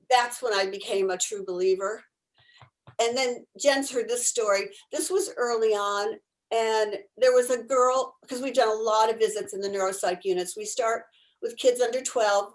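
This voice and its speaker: Over poor audio, a woman with a voice on the high side talks animatedly on a video call. She volunteers with therapy dogs and shares stories about them, laughing frequently.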